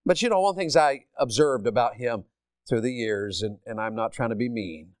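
A man preaching a sermon to a congregation, asking it questions and moving between loud emphatic points and quiet storytelling. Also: medium pitch, lively intonation, fairly quick, dry recording, clean studio sound. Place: church or school hall with a congregation.

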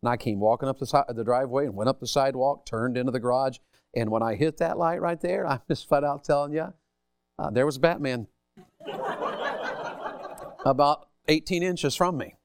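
A man's voice: medium pitch, fairly quick, smooth. A man preaching a sermon, telling folksy stories and asking the congregation rhetorical questions.

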